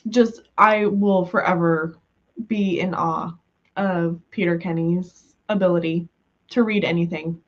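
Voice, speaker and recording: A woman's voice: mid-range voice, highs cut off. A woman from the US West Coast chatting casually with viewers on a livestream, giggly and full of fillers, just over being sick. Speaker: livestream host.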